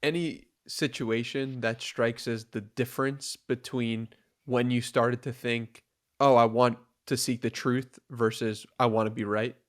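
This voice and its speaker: A man hosts a podcast interview and asks his guest short, thoughtful questions. His voice sits at an average pitch for a man. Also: steady tone, a little slow. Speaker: podcast host.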